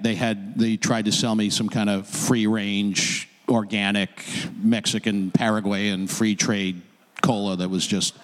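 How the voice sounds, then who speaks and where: A man doing a stand-up set in a halting, stammering, grumbling manner. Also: mid-range voice. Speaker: stand-up comedian. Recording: long hall reverb.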